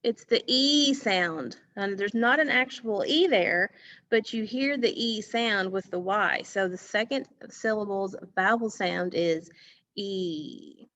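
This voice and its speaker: A woman's voice: mid-range voice, unhurried, fairly bright tone. A woman teacher giving an online phonics lesson from a school music room, patiently repeating words and asking questions.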